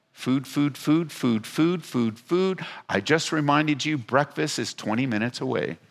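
A man preaching a sermon to his congregation, animated, stretching out words for emphasis. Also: on the high side. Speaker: pastor.

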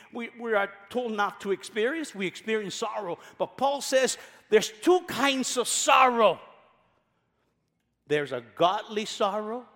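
Man, pastor, sermon, high voice, emphatic, repeats phrases, long church reverb. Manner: emphatic, repeats key phrases, swings between loud and soft.

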